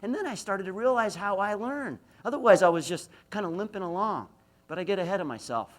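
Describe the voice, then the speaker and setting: At a university lecture, a middle-aged man from Idaho, USA, works as a motivational speaker, quizzing the audience and telling stories at his own expense. His voice is high-pitched and animated, and he talks a little fast.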